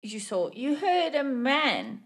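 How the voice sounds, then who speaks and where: A woman's voice: sits high, wildly swooping pitch, slow. A woman playing a tabletop game with playful comments. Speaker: player.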